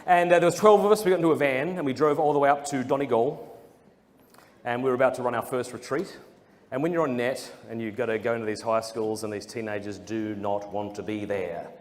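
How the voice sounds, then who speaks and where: A man's voice: medium pitch, brisk. A man with an Australian accent telling funny stories in a jokey, self-deprecating way with frequent chuckles. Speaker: speaker. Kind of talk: humorous storytelling talk. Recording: long hall reverb, faint noise.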